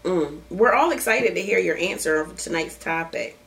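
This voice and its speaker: A woman's voice: fairly low pitch, animated, moderate pace, creaky, a bit bright. Profane, laughing woman host. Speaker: podcast host. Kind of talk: casual chat.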